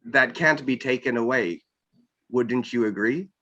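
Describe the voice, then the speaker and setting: A man hosts an interview, speaking slowly and carefully, pausing often to find his words. His voice is bright and clear-edged. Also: medium pitch, highs cut off. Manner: slow, searching, many ums and restarts. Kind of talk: casual interview talk.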